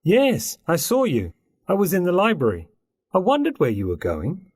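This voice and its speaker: A man voicing a curious schoolboy in a textbook listening dialogue, asking questions with a husky voice. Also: high voice, wildly swooping pitch, moderate pace, darkish tone, no echo, studio quality, heavily acted.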